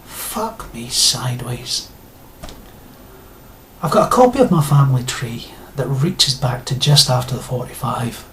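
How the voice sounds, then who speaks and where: A man's voice: medium pitch, big pitch swings, a little slow, fairly bright tone, slight background noise. A man delivering a sarcastic, indignant rant to his viewers, blunt and given to swearing. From Scotland. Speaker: video blogger. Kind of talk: ranting monologue to camera.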